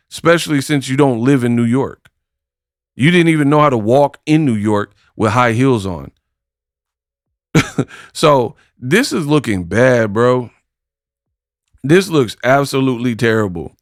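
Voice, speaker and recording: Boxing commentary host, smooth clear voice, dry close sound, exasperated rant. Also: male voice, mid-range voice, animated, measured pace, no echo. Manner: exasperated, lots of rhetorical questions.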